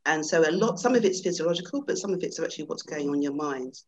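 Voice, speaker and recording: Middle-aged woman with a lively, low voice. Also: quick pace, highs cut off. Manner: reflective, reads stories with dramatic swings. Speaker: panel guest speaker. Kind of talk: talk then storytelling. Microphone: video call.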